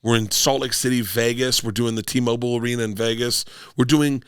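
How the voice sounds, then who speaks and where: A man's voice: mid-range voice, steady tone, fairly quick, fairly bright tone, clean tone, no echo, clean studio sound. A man who is a touring stand-up comedian and podcast guest, telling rambling tour stories in casual chat, swearing freely and acting out other people's lines.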